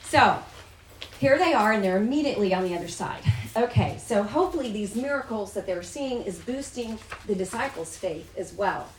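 A woman's voice: medium pitch, animated, normal speed, roomy sound, distant mic, slight background noise, poor audio. Woman teaching a Bible study. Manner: chatty, asks the group questions. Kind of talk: teaching and reading scripture aloud. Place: room with a small group.

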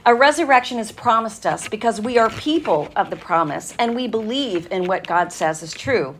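A woman speaking to a women's gathering in an earnest, conversational sermon style, telling stories with fillers and pauses. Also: mid-range voice, expressive, slight background noise.

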